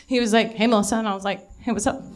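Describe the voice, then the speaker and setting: A woman's voice: a little high, steady tone, rapid-fire. Young woman, stand-up comic, out of breath, rambling, self-mocking, swears a lot. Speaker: stand-up comedian. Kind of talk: live stand-up storytelling. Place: live comedy venue.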